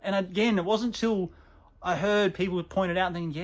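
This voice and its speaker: A man's voice: high-pitched, fairly even intonation, brisk. An Australian man with a chatty, self-mocking manner, talking casually to camera as host of a gaming channel.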